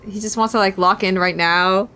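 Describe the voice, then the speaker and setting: A woman's voice: medium pitch, steady tone, normal speed, pushed and bright, smooth. A young woman streamer reading a visual novel aloud, with playful, giggly asides to chat.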